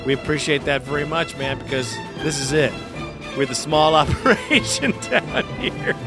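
A man hosting a sports fan podcast, talking in a fired-up, rough way, cursing and laughing often. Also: a little high, sing-song, normal speed, music in the background. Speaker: podcast host. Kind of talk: casual fan podcast talk.

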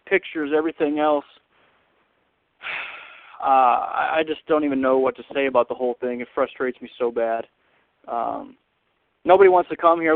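A man's voice: on the high side, no room sound. A man from Texas calling in to a fan show, venting frustration with sighs and griping. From Texas, USA. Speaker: caller. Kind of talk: voicemail rant. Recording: tinny phone line.

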